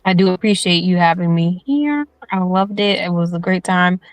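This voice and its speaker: A woman's voice: fairly low pitch, normal speed, smooth, no room sound. A woman from New York with a slight Southern twang, a guest in a casual chat who rambles, loses her thread and restarts her sentences.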